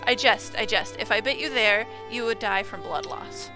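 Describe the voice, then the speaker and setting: A woman's voice: medium pitch, animated, normal speed, music in the background, lightly acted. A woman reading the lines of a weary, dry, mocking male vampire from a game. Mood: teasing. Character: brooding, teasing male vampire lord.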